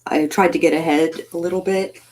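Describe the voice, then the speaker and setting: Woman, live-stream host, casual chat, rambling, playful, husky voice. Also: deep voice, fairly even intonation, fairly quick, darkish tone, rough recording. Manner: rambling, playful, self-deprecating. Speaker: livestream host.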